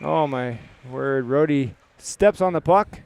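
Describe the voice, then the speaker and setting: A Canadian man calling youth hockey play-by-play in quick clipped phrases. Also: mid-range voice, gravelly, a little mellow, clean tone. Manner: rapid clipped puck-by-puck calls. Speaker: play-by-play commentator.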